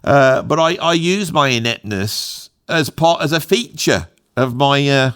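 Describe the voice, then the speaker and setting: A man's voice: mid-range voice, expressive, unhurried, fairly bright tone, clean tone. A middle-aged English man talking off the cuff in a rambling, self-mocking vlog. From England. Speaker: YouTuber, musician. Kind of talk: rambling unscripted vlog monologue.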